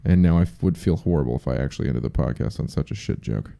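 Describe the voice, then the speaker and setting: A man's voice: rumbling low, expressive, quick pace, creaky, dark tone. A young man hosting a podcast alone, rambling casually with profane jokes and chatty asides. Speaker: podcast host. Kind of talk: casual solo podcast chat.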